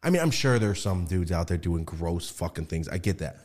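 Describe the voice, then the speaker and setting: A young man hosting a podcast, chatting casually and telling animated stories with quick jumps into high mimicking voices. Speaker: podcast host.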